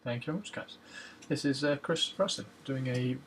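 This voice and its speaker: A man's voice: mid-range voice, fairly quick, background noise. A man casually talking through a photo edit on screen, muttering to himself as he works. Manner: relaxed, muttering to himself as he works, hums while waiting. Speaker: photo editing vlogger.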